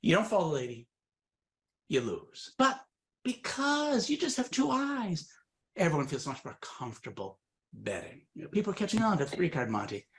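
A man's voice: mid-range voice, big pitch swings, a little fast. A man performing comic magic patter for a live audience, swinging from very serious to absurd, with teasing asides.

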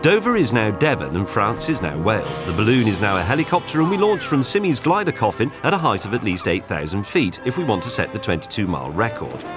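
Male documentary narrator, animated delivery, wry tone, music under. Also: fairly low pitch, quick pace, hardly any pauses. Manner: wry and dramatic storytelling. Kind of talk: scripted narration. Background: clear music.

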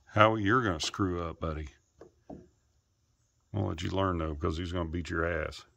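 A man filming his pets and talking to them casually, coaxing and scolding, and jumping into high baby talk. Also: fairly even intonation, moderate pace, creaky, a bit bright, slight background noise. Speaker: pet owner filming his animals.

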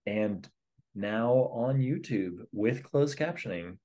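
A man's voice: lowish voice, lively intonation, takes it slowly, warm tone. A man co-hosting a podcast in casual chat, with a dry, teasing manner. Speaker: podcast co-host.

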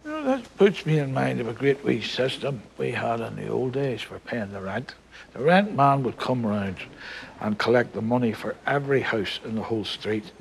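An older grandfather from Northern Ireland spins gentle, wry yarns for his grandson. His voice is gravelly and soft. Faint room noise lies underneath. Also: mid-range voice, expressive, normal speed, low-quality recording. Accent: Northern Irish. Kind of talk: film drama.

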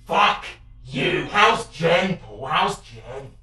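Man playing a possessed lad, high, shrill and very slow, yelling abuse from off-mic in a roomy space. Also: big pitch swings, distant mic, soft background music, heavily acted. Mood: taunting. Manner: yelling, taunting, crude. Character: possessed young man ranting and shouting abuse.

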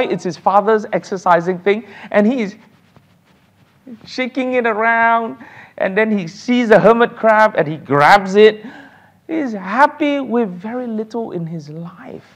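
Animated man teaching a Bible class. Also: high voice, unhurried, muffled recording. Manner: animated, laughs often, answers class questions. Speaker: Sunday school teacher.

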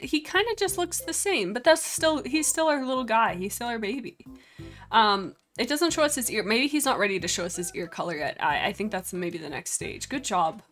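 Young female streamer, bright excitable chatter with gasps and laughs, soft game music underneath. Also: medium pitch. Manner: excitable, giggly, gasping, voices the pets' thoughts. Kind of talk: casual gameplay commentary.

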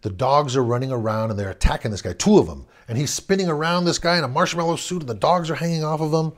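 A middle-aged man from Southern California tells an old neighborhood story off the cuff. His pitch swings up and down with the telling, and he doubles back on words and chuckles between phrases. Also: animated, quick pace. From Southern California, USA. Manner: rambling, self-correcting, chuckles as he goes. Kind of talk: casual spoken anecdote.

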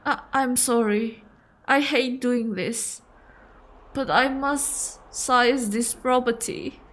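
A reluctant young debt collector in a horror game apologizes in a subdued, hesitant voice, slow and heavy, as a woman reads him. He is dutiful but plainly sorry. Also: on the high side, a bit bright. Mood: somber.

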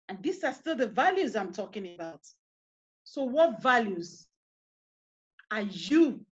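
A woman's voice: a little high, lo-fi sound. A woman with a Nigerian accent giving an online parenting workshop. She talks earnestly, asks listeners many questions and guides them through an imagined scene. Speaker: parenting coach. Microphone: video call.

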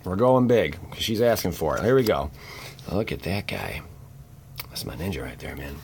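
A young man giving casual, jokey commentary as he opens card packs, breaking into sudden loud exclamations. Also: sits low, animated, moderate pace, slight background noise. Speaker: channel host opening card packs. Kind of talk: casual pack-opening commentary.

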